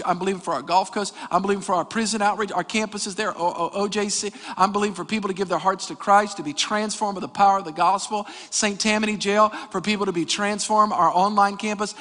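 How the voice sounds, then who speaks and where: Preacher in his 40s, high bright voice, fired up and joking with the crowd, big echoey church. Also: fairly quick, hardly any pauses. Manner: energetic preaching with jokes and crowd call-outs. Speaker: pastor. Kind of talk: sermon. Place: church hall. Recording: reverberant church hall.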